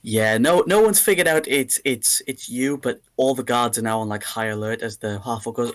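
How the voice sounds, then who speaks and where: A man narrating as game master of a tabletop game in a relaxed, rambling way. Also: mid-range voice, normal speed, hardly any pauses.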